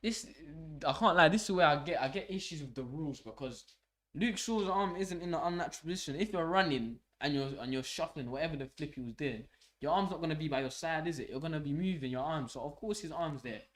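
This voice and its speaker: Excitable football fan, bright. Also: male voice, a little high, quick pace. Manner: swearing, excitable, shouts at the game. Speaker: fan channel host. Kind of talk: live football watch-along.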